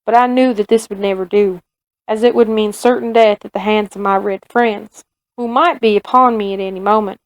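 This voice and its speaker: A woman reading aloud as a male frontier soldier telling his own story, in a Southern US accent with steady, measured narration. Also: mid-range voice, natural voice, rough recording. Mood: grave.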